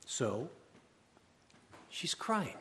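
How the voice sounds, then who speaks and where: A man's voice: mid-range voice, sing-song, very slow, slight background noise. Man preaching in a reverberant hall. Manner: preaching with swings from loud urgency to quiet hush. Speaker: pastor. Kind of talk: sermon.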